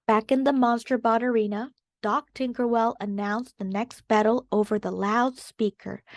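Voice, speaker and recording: A woman's voice: on the high side, fairly even intonation, no room sound, studio quality. A woman reading a children's storybook aloud as the narrator. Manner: slow and clear. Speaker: storybook reader.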